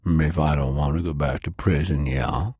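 A man voicing a big, calm, gruff bounty hunter in an audiobook. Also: rumbling low, normal speed, no room sound, studio quality, pitched below the performer's own voice.

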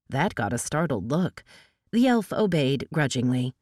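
A woman reading a novel aloud as an audiobook narrator, giving the dialogue a lift in pitch. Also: sing-song, unhurried, darkish tone, dry recording, studio quality.

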